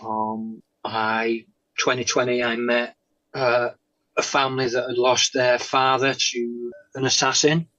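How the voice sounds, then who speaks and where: Halting man, bright tense voice. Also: mid-range voice, level tone. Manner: halting, many pauses and "um"s, drops to soft tones. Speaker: guest sharing a faith testimony. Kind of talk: conversational interview testimony. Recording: dull lo-fi sound.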